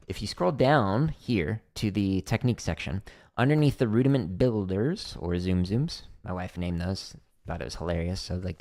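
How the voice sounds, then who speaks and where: A middle-aged man hosting a drum practice livestream, chatty and explaining exercises step by step with casual fillers. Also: on the low side.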